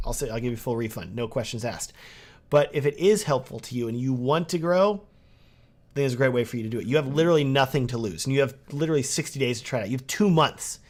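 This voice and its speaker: Man in his thirties, casual chatty livestream host, reads out viewer comments, relaxed delivery. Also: medium pitch. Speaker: wedding filmmaker and livestream host.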